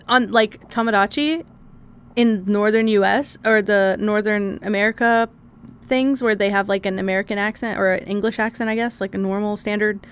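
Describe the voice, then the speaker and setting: A woman's voice: mid-range voice, fairly bright tone. A woman streamer in casual chat, rambling and talkative, often swearing and laughing as she goes.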